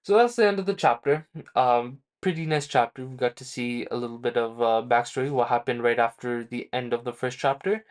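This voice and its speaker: Male host recapping a comic chapter off the cuff, average pitch, loose and rambling with frequent self-corrections. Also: fairly quick, hardly any pauses. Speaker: manga review channel host. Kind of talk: casual spoken chapter recap.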